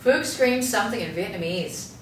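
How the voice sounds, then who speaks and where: A woman reads out stage directions in a brisk, matter-of-fact way during a script table read. Her voice is caught from afar in an echoey room with faint hiss. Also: medium pitch, lively intonation, distant mic. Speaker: narrator reading stage directions.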